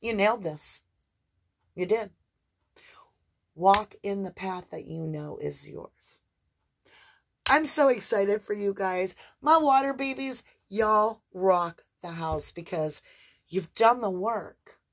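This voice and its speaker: A woman doing an animated, affectionate tarot reading for her viewers, with sing-song emphasis and a chatty, conversational flow. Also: medium pitch, takes it slowly, pauses often. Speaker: tarot reader. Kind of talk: spiritual tarot reading to camera.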